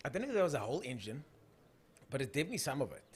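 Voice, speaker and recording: With a little hiss or hum underneath, a young man with a South African accent runs a casual drag racing live stream, narrating races and answering comments. His mid-range voice swings widely in pitch and comes out rapid-fire.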